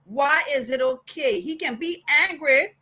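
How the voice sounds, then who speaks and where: A woman's voice: high-pitched, measured pace, pushed and bright, poor audio. A woman on a talk panel, asking pointed questions. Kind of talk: panel debate.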